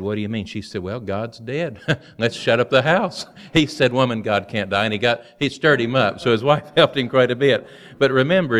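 Folksy preacher man, slightly low voice. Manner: folksy, animated storytelling with quick asides. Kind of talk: sermon.

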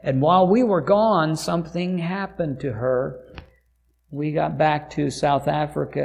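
Earnest gravelly male pastor telling a story. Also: a little high, a little mellow. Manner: earnest, halting, corrects himself mid-sentence. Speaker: missionary pastor to a deaf church. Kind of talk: sermon testimony storytelling.

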